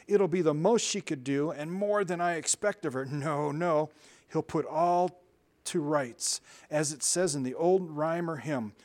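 A man's voice: fairly high pitch, lightly acted. A man reading as a hearty old male beaver. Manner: slow, emphatic storybook read-aloud. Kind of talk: reading a storybook aloud.

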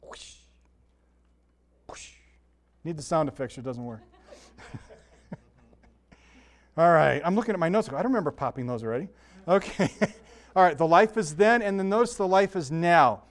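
Chatty high-voiced man preaching a sermon. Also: animated, normal speed, pauses often. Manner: conversational, chatty asides and self-deprecating jokes. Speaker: pastor.

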